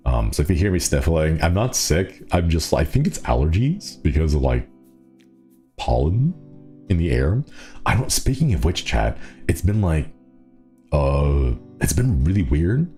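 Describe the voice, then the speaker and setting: A man's voice: rumbling low, very animated, a little slow, mellow, soft background music. A man with a stuffy nose, chatting playfully and rambling on a casual stream from a small city apartment.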